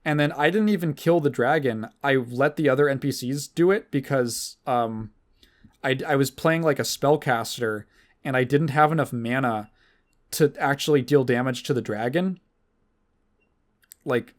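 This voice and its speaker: A man hosting a podcast in casual chat, rambling and sardonic, swearing freely with lots of fillers and restarts. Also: medium pitch. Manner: fillers and restarts, mocking quoted voices. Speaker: podcast host.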